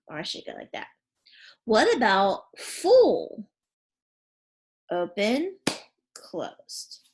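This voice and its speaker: A woman teacher guides a phonics and spelling lesson, speaking very slowly with a lively, swooping pitch. She asks her young pupils questions and encourages them in a deliberate classroom manner.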